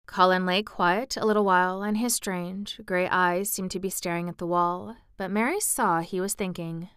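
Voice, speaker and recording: Crystal-clear woman narrating a storybook. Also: fairly low pitch, steady tone, moderate pace, few pauses, a bit bright, no room sound, clean studio sound. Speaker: audiobook podcast host.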